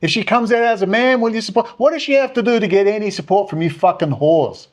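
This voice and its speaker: A man delivering an angry, profane solo rant as a commentator, sneering, with sudden swings up and down in pitch. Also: fast talker. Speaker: political commentator.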